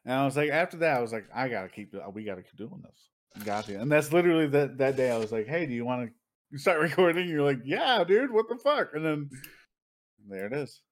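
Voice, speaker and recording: A man in his thirties co-hosting a casual podcast, telling profane, animated stories and acting out what other people said. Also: medium pitch, quick pace. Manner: profane, animated storytelling with acted-out quotes. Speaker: podcast co-host.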